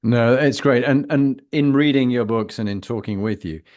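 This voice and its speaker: A man from Britain hosting a conversational interview, telling stories in an animated way with long wind-ups before his question. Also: mid-range voice, normal speed. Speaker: host.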